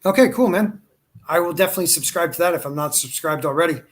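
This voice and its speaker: A man's voice: a little high, fast talker. Upbeat casual man hosting a podcast. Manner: loose and enthusiastic, calls guest dude and brother. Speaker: podcast host. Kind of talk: casual live-stream chat.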